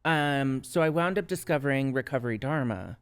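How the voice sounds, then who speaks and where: Smooth-voiced man with a Minnesota accent. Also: mid-range voice, brisk. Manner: earnest, reflective storyteller with frequent "right?" tags. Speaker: guest, substance use counselor. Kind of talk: casual podcast conversation.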